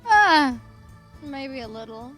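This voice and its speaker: High-voiced cheerful woman player. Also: big pitch swings, takes it slowly, fairly bright tone, faint music behind, rough recording. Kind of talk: casual tabletop role-play chat.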